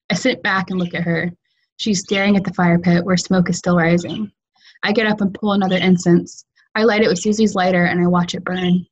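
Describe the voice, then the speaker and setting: Calm woman reading her short story. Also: lowish voice, a little fast, husky, lo-fi sound. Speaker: fiction writer reading her work. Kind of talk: literary reading. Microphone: video call.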